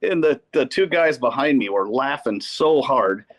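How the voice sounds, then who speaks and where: A man from Wisconsin, a podcast guest telling casual fishing stories in an animated way. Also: mid-range voice, unhurried. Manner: animated anecdote teller who acts out quotes. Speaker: podcast guest, pro angler. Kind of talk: casual storytelling.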